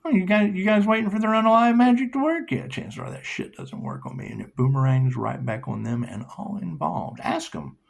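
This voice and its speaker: A man's voice: lively intonation, brisk, vocal fry, hardly any pauses. A man giving a casual tarot reading, rambling and profane, laughing often. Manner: rambling, profane, laughs often, reads card text in a lilting high voice. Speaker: tarot reader.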